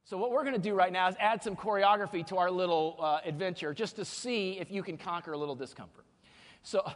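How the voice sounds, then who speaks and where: A man giving a motivational keynote speech, energetic and humorous, leading the audience through exercises from the stage. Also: high-pitched, quick pace. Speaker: keynote speaker. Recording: long hall reverb.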